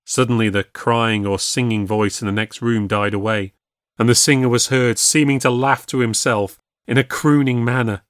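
A man narrating a ghost story in a measured storytelling way for a podcast. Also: on the low side, fairly bright tone, no room sound, clean studio sound.

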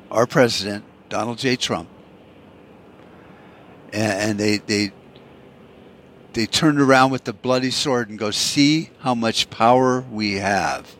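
A man's voice: medium pitch, fairly bright tone, slight background noise. Profane ranting podcast host, a man. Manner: ranting, profane, emphatic with repeated words. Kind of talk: angry political monologue.

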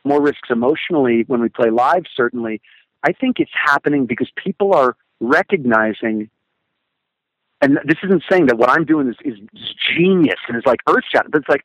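A man's voice: mid-range voice, fairly bright tone, no room sound, lo-fi sound. A man talking as a podcast guest, an emphatic storyteller who acts out other people's thoughts. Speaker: guest, motivational speaker and hardcore singer. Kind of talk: animated podcast conversation.

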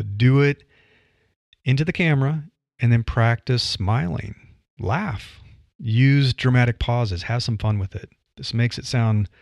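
Gravelly-voiced man giving podcast advice. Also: lowish voice, a little mellow, no room sound. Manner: conversational, coaching, varies pace with pauses. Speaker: podcast host. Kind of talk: solo podcast advice monologue.

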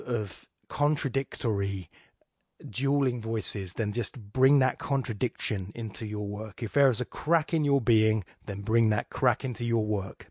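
A man's voice: mid-range voice, darkish tone, no echo, clean studio sound. A man hosting a poetry podcast, reading a poem aloud and talking about it in a rambling, digressive way that keeps interrupting itself. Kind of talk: casual commentary and poetry reading.

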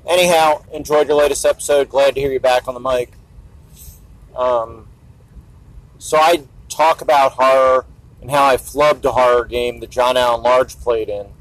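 Man, mid-pitched voice, chatty voice message from a van, dry close sound. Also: dry recording, low-quality recording. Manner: chatty and friendly. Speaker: podcaster leaving a voice message. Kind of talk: casual voice message. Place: inside a van.

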